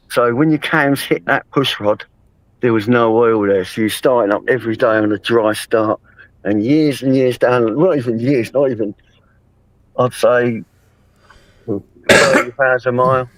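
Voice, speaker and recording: A man's voice: mid-range voice, no echo, poor audio. A man hosting a livestream, talking casually in a blunt, rambling way with swearing. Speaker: livestream host. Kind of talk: casual chat.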